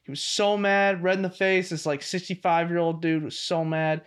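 A man co-hosting a podcast, telling stories in a casual, animated way and laughing often. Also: sits high, moderate pace, clean tone. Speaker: podcast co-host. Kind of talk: casual chat.

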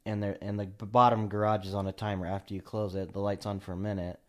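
A man's voice: lowish voice, little pitch movement, fast talker. Laid-back dry-voiced man. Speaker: podcast co-host. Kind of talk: casual podcast chat.

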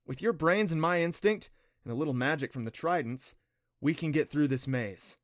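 A man's voice: a little high, normal speed, dry recording, studio quality, pitched above the performer's own voice, natural voice. A man voicing an eager, confident young boy adventurer in a storybook, earnest and encouraging.

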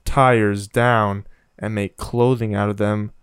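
A man co-hosting a casual comedy podcast, pitching an absurd made-up company with a straight face. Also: slow pace, smooth, no echo, clean studio sound. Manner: deadpan mock sales pitch, playful. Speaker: podcast co-host.

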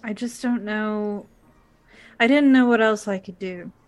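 A young woman with a Midwestern accent, role-playing her character in a tabletop game, halting and trailing off as she speaks. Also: medium pitch. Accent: Midwestern American.

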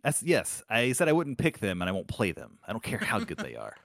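A man co-hosting a casual podcast chat, joking with animated stammering restarts. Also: lowish voice, fairly quick, vocal fry, no echo, studio quality. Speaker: podcast co-host. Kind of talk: casual card-game chat.

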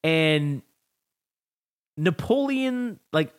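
A man's voice: fairly high pitch, very slow, clean tone. A man co-hosting a podcast, retelling film scenes in a casual, profane chat and acting out lines. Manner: animated, profane storytelling, acts out movie lines. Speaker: podcast co-host.

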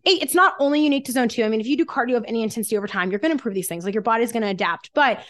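A woman's voice: fairly high pitch, racing, a bit bright. A woman guest on a fitness podcast, energetically explaining exercise science with everyday analogies.

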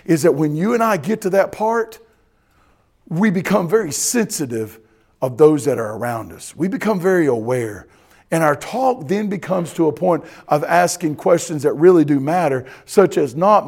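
A male pastor preaches in a folksy, animated way. His fairly high voice swings between loud, excited bursts and quiet, low stretches. He keeps checking in with the congregation. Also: normal speed. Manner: folksy and animated, keeps asking "you ready?". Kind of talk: sermon.

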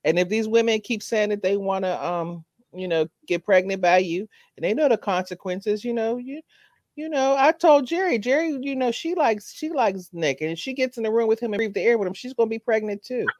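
A woman's voice: fairly high pitch, fairly quick, a little mellow, no room sound, studio quality. A woman co-hosting a casual chat show, talking in a chatty, emphatic way. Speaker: co-host.

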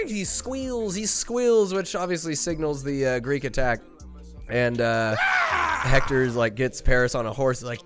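A man's voice: medium pitch, huge pitch swings, measured pace, fairly bright tone, faint music behind. A man hosting a podcast, animatedly retelling a movie plot in a rambling way full of fillers and asides. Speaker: podcast host. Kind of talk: comedic movie recap.

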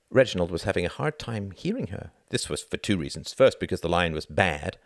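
Gravelly male audiobook narrator. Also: low-pitched, expressive, brisk, few pauses, dry recording, clean studio sound. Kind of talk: scripted narration.

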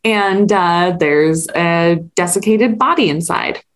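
A woman's voice: lowish voice, slow pace. A woman in her thirties co-hosting a podcast, chatting casually and laughing easily as she recaps a TV episode. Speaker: podcast co-host.

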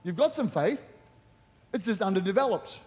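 A man preaching with a high voice and a lively, animated delivery. He acts out the people in his stories as he goes. The sound carries the long reverb of a large church auditorium. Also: moderate pace. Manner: animated, acts out quotes in the story. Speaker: pastor. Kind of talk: sermon.

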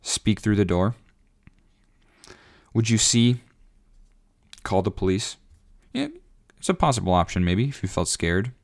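A young man telling a story in a casual, rambling way, full of fillers and laughs, with bursts of animated disbelief. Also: lowish voice, measured pace, long pauses. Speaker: vlogger.

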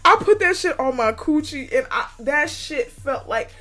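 A woman's voice: high-pitched, lively intonation, normal speed, soft background music. A woman hosting a podcast, delivering a profane comedic rant and laughing often. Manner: profane, loud, laughs a lot, yells mid-story. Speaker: podcast host. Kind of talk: casual comedic monologue.

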